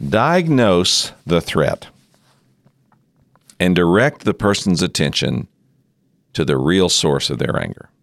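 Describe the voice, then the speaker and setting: A middle-aged man giving a measured teaching talk on pastoral care, sometimes acting out sample dialogue. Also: sits low, fairly bright tone, dry recording, studio quality. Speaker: seminary leader teaching on ministry.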